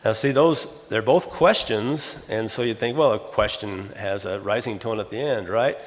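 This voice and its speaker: A man in his sixties, a retired English teacher, lecturing in a halting, teacherly way with many restarts. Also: fairly low pitch, a little hiss or hum. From Los Angeles, USA. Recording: long hall reverb.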